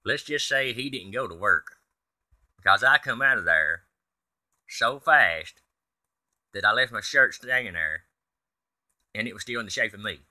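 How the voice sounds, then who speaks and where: Man, folksy storyteller, bright forceful voice, comic monologue. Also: lowish voice, animated, a little slow, pauses often. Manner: folksy, tall-tale telling, quotes others in his own voice. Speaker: comedic storyteller. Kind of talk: comedic monologue.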